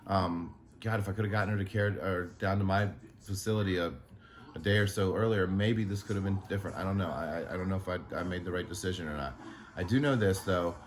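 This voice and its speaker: In an emotional vlog monologue, a low-voiced man who runs an animal sanctuary talks haltingly and with frustration. He swears often.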